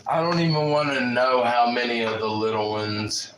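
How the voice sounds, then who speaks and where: A man's voice: mid-range voice, normal speed. Casual livestream host, a man, slangy and profane, echoey room with faint noise behind. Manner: profane, slangy, calls listeners bro.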